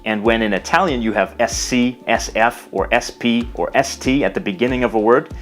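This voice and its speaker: A man narrating a scripted language lesson, explaining carefully and slowing down to pronounce example words. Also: mid-range voice, soft background music. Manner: measured, explanatory, slows to pronounce foreign words. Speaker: language teacher.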